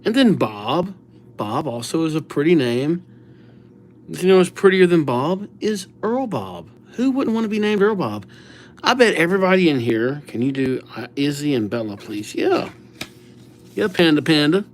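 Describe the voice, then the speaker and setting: A man's voice: fairly high pitch, very animated, moderate pace. A middle-aged man hosting a livestream, chatting casually and greeting viewers by name with playful nicknames. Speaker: livestream host writing viewers' names.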